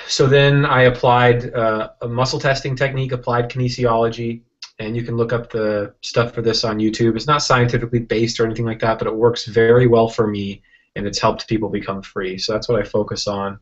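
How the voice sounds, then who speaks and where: Middling in pitch and moderate in pace, a man who is a software entrepreneur rambles animatedly through a story as an interview guest, frequently starting over and performing the quotes. The sound quality is dull and lo-fi, resembling a video call.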